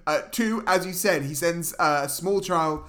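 A man co-hosting a film podcast, giving a deadpan, mock-serious rant in a casual comedic review. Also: a little high, measured pace. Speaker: podcast co-host.

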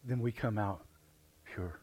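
A middle-aged man with a Midwestern American accent preaching a live sermon in church, animated and joking, often repeating his words. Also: on the low side, slow, slightly rough. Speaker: pastor. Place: church sanctuary.

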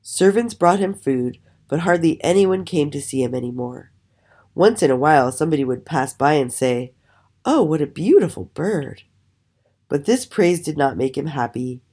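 A woman telling a children's story aloud with an expressive, animated storytelling manner. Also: low-pitched, moderate pace. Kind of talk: storybook reading.

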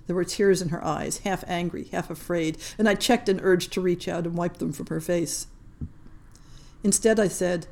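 A woman narrating a short story in a measured, gentle storytelling voice. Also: on the low side, gravelly. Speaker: podcast story reader. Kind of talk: scripted narration.

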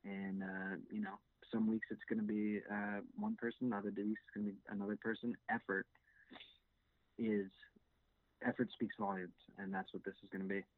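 Lowish and fairly flat in pitch, this man co-hosts a laid-back sports podcast at normal speed, stumbling through fillers and restarts. His sound is tinny like a phone, with no room sound.

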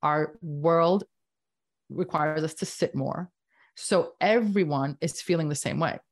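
A woman in her fifties, a doctor speaking as a podcast guest, talking emphatically in animated bursts. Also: deep voice, takes it slowly. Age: 50s. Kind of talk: casual interview talk.

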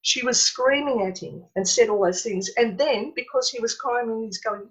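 A woman's voice: a little high, moderate pace, fairly bright tone, muffled recording. A woman, talking earnestly and with feeling in a conversation. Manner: earnest, impassioned storytelling. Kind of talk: emotional conversational chat.

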